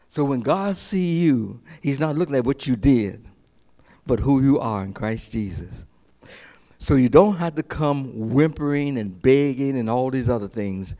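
A man preaching a sermon as pastor, passionate, repeating phrases for emphasis and swinging between loud peaks and quiet asides. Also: mid-range voice, lively intonation, a little slow.

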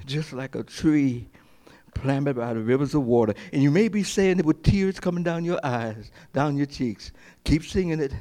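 A man's voice: fairly high pitch, moderate pace. Passionate male preacher. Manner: impassioned preaching that swings between loud climaxes and quiet asides; repeats phrases for emphasis. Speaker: pastor. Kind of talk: sermon.

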